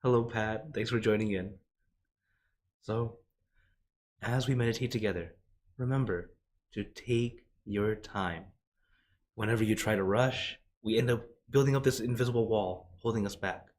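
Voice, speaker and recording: A man who is a monk, leading a guided meditation in slow, gentle, drawn-out phrases, his voice a little rough from a cold. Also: lowish voice, steady tone, slight background noise. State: has a cold, voice lower than usual.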